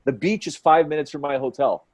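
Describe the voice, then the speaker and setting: A man in his forties, a fight commentator guest, telling stories in an excitable, quick way and acting out what people said. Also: a little high. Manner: excitable, quick storyteller who acts out quotes. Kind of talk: animated storytelling in conversation.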